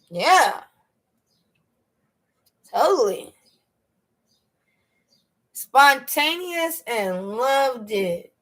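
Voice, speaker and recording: A woman's voice: on the high side, fairly bright tone. A woman hosting a casual storytelling livestream, chatty and slangy, often laughing as she answers viewers' questions. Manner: laughs often while telling stories. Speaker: livestream host.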